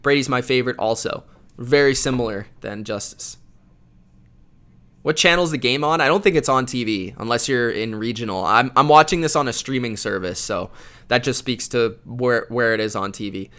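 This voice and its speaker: A man hosting a live football reaction stream, reading viewer chat aloud and commenting in a loud, slangy, casual way. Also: mid-range voice, normal speed. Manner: loud, self-described yeller, slangy with frequent "bro".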